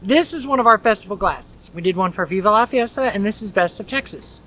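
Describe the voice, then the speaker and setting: A woman's voice: medium pitch, lively intonation, quick pace, a bit bright, rough recording. A woman hosting a casual food tasting outdoors at a theme park, enthusiastic and chatty with frequent laughs. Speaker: park staff host. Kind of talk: casual on-location food chat.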